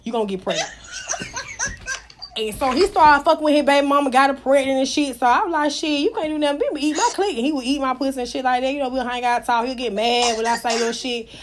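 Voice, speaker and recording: A woman's voice: high voice, fast talker, hardly any pauses, a little hiss or hum. A woman in her thirties telling frank, profane stories in casual chat, acting out what others said. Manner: blunt, profane, animated, acts out quotes.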